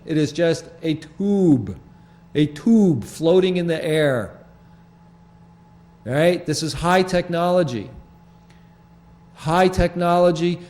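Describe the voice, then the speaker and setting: A man hosting a public access TV show from a studio, talking casually over his photos in a rambling, halting way with many restarts. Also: fairly high pitch, mellow.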